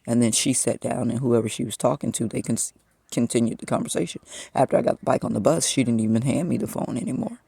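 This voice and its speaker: A man's voice: mid-range voice, fast, vocal fry, dark tone, slightly rough, no room sound. A man in his fifties talking to the camera in a personal monologue, venting his frustration as he tells a story. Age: 50s.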